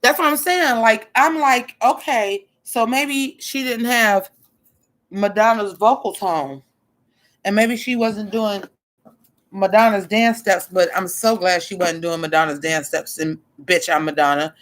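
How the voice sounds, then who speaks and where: Woman, casual stream commentator: blunt, expressive, swears, talks back to chat. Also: mid-range voice, unhurried. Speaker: drag show commentator.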